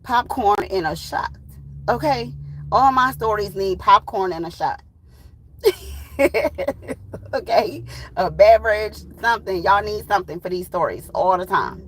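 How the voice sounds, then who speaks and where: A woman in her thirties, a tarot channel host, telling a personal story in a blunt, profane, animated way. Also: mid-range voice, poor audio. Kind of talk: casual storytime.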